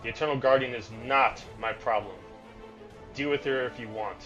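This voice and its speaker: A man's voice: medium pitch, normal speed, a bit bright, dull audio, faint music behind, close to an everyday voice. A man voicing a cold, proud female angel who speaks curtly and dismissively. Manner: curt, dismissive.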